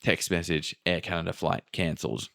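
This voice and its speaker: A man telling a travel story in casual podcast chat, swearing freely and acting out quotes with sudden pitch jumps. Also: level tone, moderate pace, gravelly, fairly bright tone.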